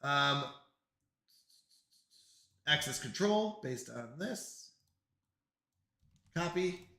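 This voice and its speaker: A man's voice: on the high side, lively intonation, drawn-out words, bright, forceful tone, reverberant. A man live-streaming in casual chat, flustered and apologetic as he talks himself through technical trouble.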